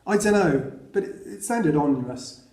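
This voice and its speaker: A man's voice: on the high side, lively intonation, moderate pace, darkish tone, roomy sound. A man reading the lines of a worried mother who explains things hesitantly. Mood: troubled. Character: worried mother, earnest and confiding.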